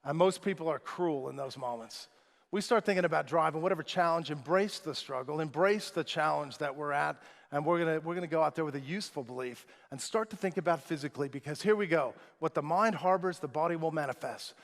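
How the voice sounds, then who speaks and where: A man who is a motivational speaker, giving an energetic, emphatic keynote speech in a large conference room. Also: on the high side, brisk, gravelly. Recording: echoey large hall.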